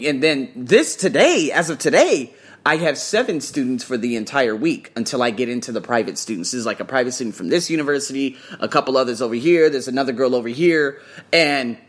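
A man's voice: mid-range voice, husky. A man telling a casual vlog story about his tutoring work, swearing freely and acting out what people said. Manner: animated, swears freely, acts out quotes. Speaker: English test tutor.

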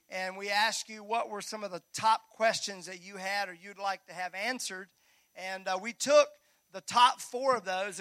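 Man, pastor, lively sermon, jokes with the congregation, high pitch, dry sound. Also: dry recording. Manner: energetic, joking with the congregation. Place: church sanctuary.

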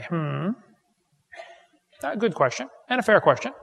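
A man's voice: high-pitched, very animated, measured pace, vocal fry, a bit bright, slightly rough. A man giving a humorous seminar lecture, a folksy storyteller who builds his points to punchlines, recorded live in a large hall. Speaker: creationist seminar speaker.

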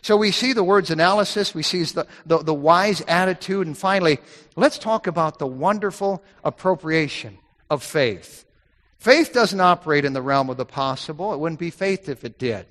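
A man's voice: on the high side, moderate pace, fairly bright tone. Emphatic preacher man in a reverberant hall. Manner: emphatic, repeats key phrases, quotes scripture in old wording. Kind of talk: sermon.

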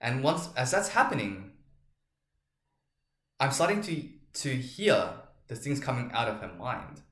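A man's voice: medium pitch, very animated, a bit bright. Earnest, reflective male podcast host with a mid-range voice, recorded in an echoey room. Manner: earnest and reflective, explaining slowly with examples. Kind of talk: solo podcast monologue.

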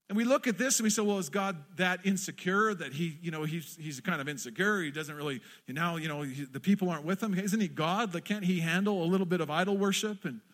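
A man's voice: high voice, a bit bright. A man preaching a sermon to a congregation, passionately acting out quoted prayers. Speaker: pastor. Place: church in front of a congregation.

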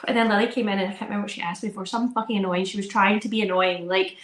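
A young woman, a podcast co-host, telling a story in animated, casual chat and acting out her children's voices. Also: medium pitch, fast talker. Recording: roomy echo.

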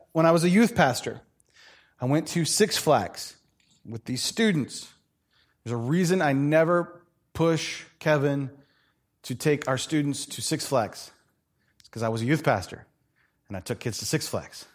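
A middle-aged male pastor preaches in a lively, joking way, breaking into quick voices for the people in his stories. His voice sits high for a man and swings widely up and down. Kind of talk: sermon with stories.

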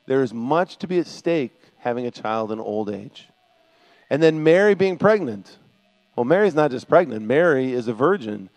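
An older man preaching a sermon as pastor. He talks in an animated way and acts out biblical voices, swinging from soft to loud. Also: medium pitch, normal speed, no echo.

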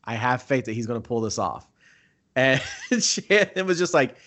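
A man chatting casually as host, telling an excitable story and acting out what people said. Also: mid-range voice, normal speed. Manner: excitable storyteller, acts out quoted talk. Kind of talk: casual chat.

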